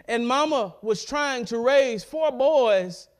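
Middle-aged pastor, notably high voice, emphatic sermon delivery. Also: male voice, lively intonation, takes it slowly. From central Mississippi. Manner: emphatic preaching, repeats words, warm laughs.

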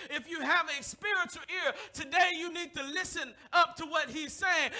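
High, bright-voiced preaching man. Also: normal speed, few pauses. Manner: impassioned preaching, swinging from shouts to hushed near-whispers; calls on the congregation to respond. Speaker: pastor. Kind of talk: sermon. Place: church service, streamed live.

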